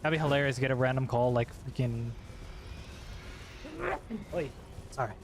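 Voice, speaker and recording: A man's voice: medium pitch, steady tone, moderate pace, slight background noise. A young man casually chatting while streaming a video game, rambling, swearing and laughing at himself. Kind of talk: casual gaming chat.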